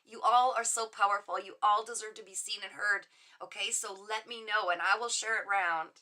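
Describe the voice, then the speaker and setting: A woman's voice: medium pitch, fairly even intonation, normal speed. A middle-aged woman hosting a casual livestream from her home office, chatting on and gushing at her viewers with frequent laughs. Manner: effusive, gushing and warm toward viewers. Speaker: livestream host and psychic reader. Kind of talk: casual livestream chat reading viewer comments.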